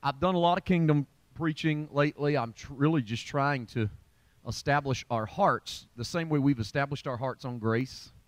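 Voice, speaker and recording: A man's voice: medium pitch, moderate pace, no room sound. A pastor teaching a midweek Bible study in a conversational, emphatic preaching style, often restarting his sentences. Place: church.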